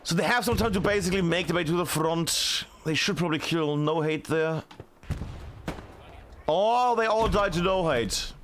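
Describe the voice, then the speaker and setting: A man giving live play-by-play commentary on a video game match, chatty and excitable with many fillers. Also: a little high, moderate pace, slight background noise. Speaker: esports caster.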